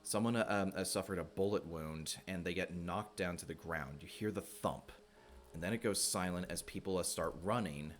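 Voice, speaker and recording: A man with a very low voice runs a tabletop game as game master. He narrates scenes steadily, filling pauses with many ums and uhs. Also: soft background music. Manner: lots of filler words, steady descriptive narration.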